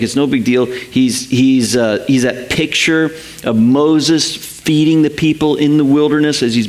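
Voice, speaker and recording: A pastor with a mid-range voice gives a sermon, telling stories in a lively way. He voices the people he quotes as if playing their parts.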